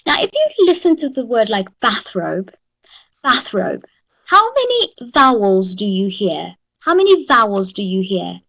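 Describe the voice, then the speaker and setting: A woman's voice: fairly high pitch, very animated, fairly bright tone, poor audio. South African woman, online English teacher, encouraging. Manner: encouraging, drills words slowly.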